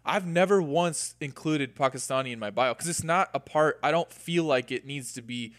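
A man's voice: a little high, moderate pace, fairly bright tone, dry recording, studio quality. A man co-hosting a podcast, speaking earnestly and laying out long examples in a casual conversation. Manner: earnest, explains with extended examples. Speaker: podcast co-host.

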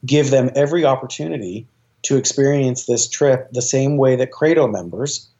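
A man's voice: mid-range voice, normal speed, warm tone, highs cut off. A man, a choir director, talking as an interview guest, eager and rambling, with lots of fillers and restarts. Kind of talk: casual interview talk.

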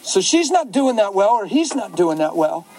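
Man preaching fervently in a high voice. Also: sing-song, normal speed, a little mellow, rough recording. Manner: fervent, rising to emphatic exclamations. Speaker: pastor. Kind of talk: impassioned preaching in conversation.

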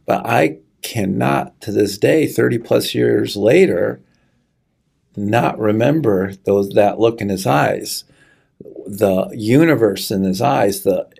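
Middle-aged male guest, earnest halting testimony, dark husky tone. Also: on the low side. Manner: earnest, halting storytelling, choking up. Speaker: guest sharing a personal story. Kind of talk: conversational testimony.

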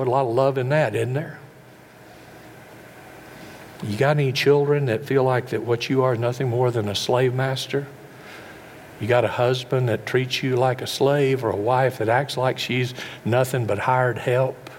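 A man's voice: mid-range voice, moderate pace, slight background noise. A middle-aged male pastor preaching a sermon, folksy and full of rhetorical questions to the congregation.

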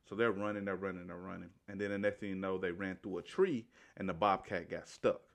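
A man with a somewhat low voice talks his way through a movie plot in an easygoing, colloquial manner. He keeps restarting and correcting himself, checking in with a loose "right?" as he goes. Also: steady tone, fairly quick. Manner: rambling, with frequent restarts and self-corrections. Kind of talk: casual retelling of a movie plot.

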